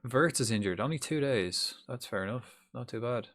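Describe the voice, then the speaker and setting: A man giving casual, swear-laden commentary while playing a football management game live, reacting loudly to the match. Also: mid-range voice, lively intonation, normal speed, poor audio. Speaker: streamer.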